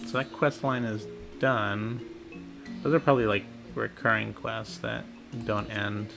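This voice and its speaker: A man's voice: lowish voice, little pitch movement, a little slow, gravelly, over music. A man casually thinking aloud while playing a video game. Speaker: gamer. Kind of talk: casual gameplay commentary.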